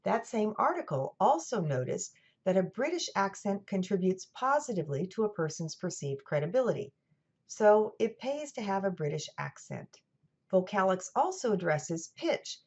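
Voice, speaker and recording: A woman with a General American accent, giving a scripted lecture in a clear, measured way with dry asides. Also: medium pitch, sing-song, a little mellow. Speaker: college lecturer. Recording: dull lo-fi recording.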